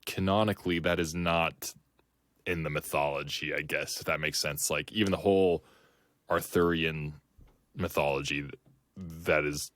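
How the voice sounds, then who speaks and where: A man's voice: a bass voice, steady tone, normal speed, fairly bright tone, dry recording. A man co-hosting a podcast, talking casually and rambling with lots of fillers and restarts. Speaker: podcast co-host. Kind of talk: casual chat.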